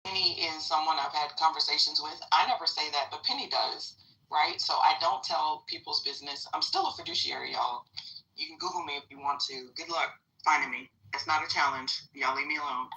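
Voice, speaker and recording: A woman's voice: low voice, fairly quick, pushed and bright, distant mic, low-quality recording. A middle-aged woman hosting a live audio chat room, talking bluntly and casually, swearing freely and addressing the listeners directly.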